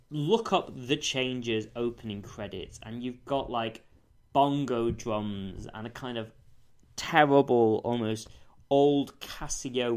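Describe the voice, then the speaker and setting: A man reviewing an old TV series in a casual spoken monologue, thoughtful and careful, often correcting himself mid-sentence. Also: medium pitch. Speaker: TV show reviewer.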